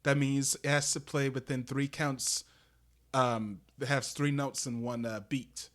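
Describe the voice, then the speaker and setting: A man's voice: medium pitch, little pitch movement, measured pace, a bit bright. A man giving a casual live-stream drum lesson, explaining step by step with many fillers and restarts. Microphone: desk microphone that peaks on loud drum hits.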